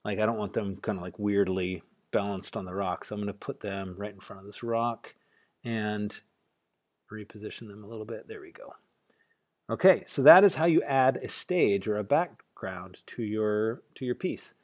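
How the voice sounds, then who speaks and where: A man's voice: lowish voice, moderate pace, darkish tone. A man walking through a coding tutorial in a casual, think-aloud way with some fillers. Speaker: teacher. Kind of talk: screen-recorded coding tutorial.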